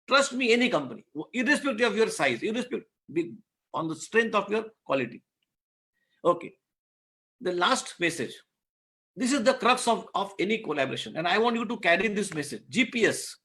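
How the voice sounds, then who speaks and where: A man's voice: high voice, pushed and bright. A man giving an online masterclass, earnest and repetitive, telling a fable to make his business points. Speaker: guest speaker on business law.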